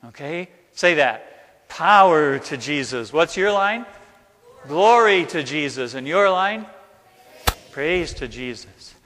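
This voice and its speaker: Pastor guy running a chapel talk, slightly high voice, gets everyone acting it out, long echo off the hall. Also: slow, a little hiss or hum. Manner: animated, coaxing, directs listeners to act out the story. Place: large chapel. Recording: reverberant hall sound.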